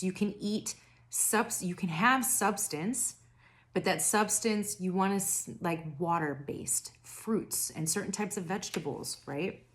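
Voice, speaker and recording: Young woman tarot vlogger, unhurried rambling delivery with slightly low pitch, throat worn raspy and tired. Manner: rambling, self-interrupting, laughs at herself. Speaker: tarot reader. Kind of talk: casual spiritual reading to camera.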